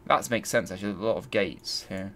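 A man's voice: fairly low pitch, brisk, bright, forceful tone, slight background noise. A man hosting a let's play, thinking aloud and grumbling as he searches. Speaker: gaming channel host.

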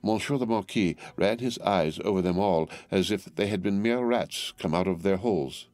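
A male narrator reads a classic novel in a measured, formal way. His voice is deep and low. The recording is dry and close, with faint music underneath. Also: a little mellow, dry recording. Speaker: audiobook narrator.

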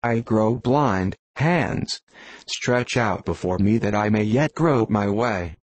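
A man's voice: lowish voice, expressive, takes it slowly, no room sound. A man voicing an obsessed old sea captain in an audiobook, crying out in raised, declamatory bursts. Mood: desperate. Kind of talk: audiobook reading.

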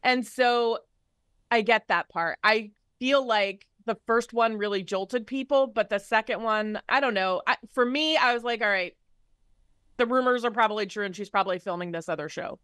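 A woman's voice: a little high, moderate pace, fairly bright tone, dry recording, studio quality. A woman co-hosting an entertainment news panel, talking casually and rambling with many "you know" fillers. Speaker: co-host.

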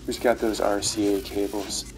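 A middle-aged man with a fairly low voice reviews game rewards on YouTube, delivering flat, normal-speed commentary over gameplay footage. He mixes in dry, dad-joke humor. The audio is poor, and faint music plays in the background.

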